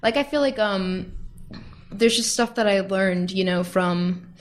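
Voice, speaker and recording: A woman's voice: medium pitch, a little slow, slight background noise. A woman hosting a casual interview, upbeat and conversational as she asks her guests questions. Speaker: interview host.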